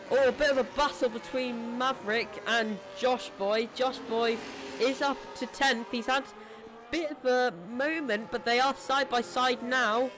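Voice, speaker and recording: An esports racing commentator calling a live race in a chatty, self-deprecating way, quick to apologise, and losing their voice. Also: mid-range voice, steady tone.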